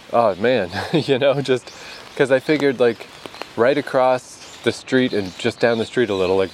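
A Canadian vlogger with a lowish voice chats casually into his camera while standing outside in the rain, with slight background noise. He laughs a lot and swears occasionally throughout the monologue.

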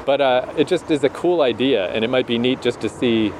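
Young Canadian male co-host, animated and laughing, mid-pitched, faint background noise. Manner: animated, laughs often, slows down to make a point. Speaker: podcast co-host. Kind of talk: casual chat.

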